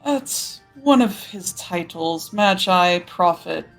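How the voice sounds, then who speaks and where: A woman running a tabletop game as game master, narrating calmly. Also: fairly low pitch, takes it slowly, soft background music, low-quality recording.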